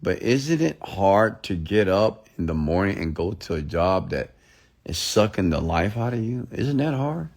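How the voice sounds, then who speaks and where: A man's voice: low-pitched, sing-song, unhurried, darkish tone. A man giving a blunt, profane late-night motivational rant, mocking people in a raised voice as he quotes their excuses. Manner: mimics others in a raised voice. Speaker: motivational speaker.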